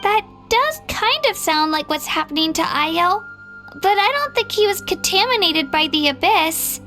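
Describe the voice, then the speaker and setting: An actress voicing a gentle, brave young girl in a video game, talking sincerely and softly, recorded in a studio. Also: extremely high pitch, animated, unhurried, soft background music, heavily acted. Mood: earnest. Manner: sincere, soft-spoken, heartfelt.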